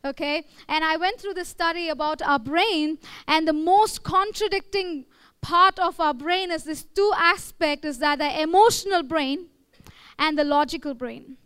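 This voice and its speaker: Woman, Indian English accent, very high voice, sermon, chatty, keeps asking "okay?". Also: a little slow, fairly bright tone. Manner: conversational, checks in with "okay?" and "all right?". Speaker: preacher.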